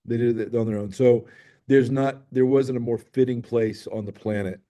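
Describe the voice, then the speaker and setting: A man's voice: mid-range voice, fairly even intonation, normal speed, mellow. A middle-aged man, a film director guest, telling stories eagerly with many restarts in an interview. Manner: enthusiastic storytelling with many restarts. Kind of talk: interview chat.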